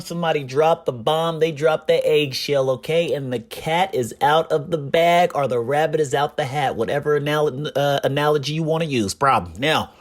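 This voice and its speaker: A man giving casual commentary on his gaming community, telling stories in an animated way with a repeated catchphrase. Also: on the high side.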